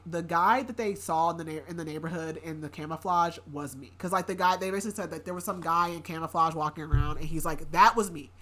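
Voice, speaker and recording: Woman podcast host, somewhat low voice, loose and chatty with lots of fillers, casual recap read. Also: a bit bright. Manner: rambling, heavy use of filler words.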